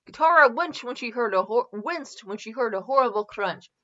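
A woman's voice: fairly high pitch, animated, moderate pace, bright, forceful tone. A woman reading a parody fan story aloud, amused, often correcting herself. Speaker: fanfiction reader. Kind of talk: amused casual read-aloud. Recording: dull lo-fi recording.

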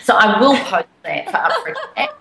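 A woman co-hosting a podcast, telling stories in an enthusiastic, animated way. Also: medium pitch, brisk, gravelly, a crowd in the background. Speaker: podcast co-host. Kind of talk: casual chat. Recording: echoey room.

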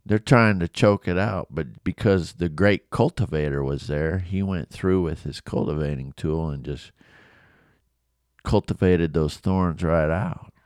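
A man's voice: sits low, a little slow, darkish tone, dry recording, studio quality. A man giving a casual, conversational Bible lesson, acting out the people in the story. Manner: conversational, acts out quoted voices. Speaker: Bible teacher.

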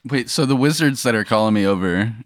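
A young man in casual podcast banter, laid-back and asking low-key questions. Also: quick pace, no room sound, studio quality. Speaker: podcast co-host.

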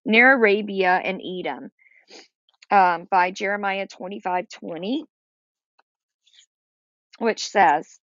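A woman's voice: medium pitch, takes it slowly, pauses often, a bit bright, no room sound, lo-fi sound. A woman leading a Bible study, reading scripture aloud and explaining it in plain words with small fillers. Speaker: Bible teacher.

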